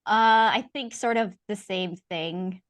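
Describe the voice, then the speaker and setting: A woman's voice: medium pitch, takes it slowly. A woman playing a tabletop game who describes her character's actions in a thoughtful, hesitant way. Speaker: player.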